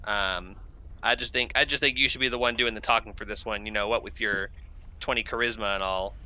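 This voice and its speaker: Male player, very bright and smooth voice, playful and rambling. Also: lowish voice, fairly even intonation, brisk. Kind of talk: casual tabletop chat.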